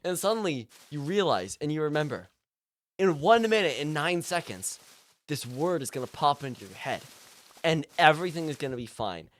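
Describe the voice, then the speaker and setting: A male live streamer rambling through an improvised silly story for his chat, stammering and restarting, with bursts of loud shouting. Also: a little high, very animated, normal speed. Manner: goofy, stammering with many restarts.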